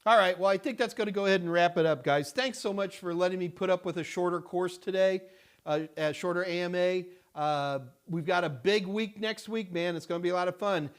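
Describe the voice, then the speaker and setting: Halting, rambling man hosting a live Q&A. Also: sits high. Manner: rambling, halting, many fillers and restarts. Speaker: host answering viewer questions. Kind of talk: casual live-stream Q&A.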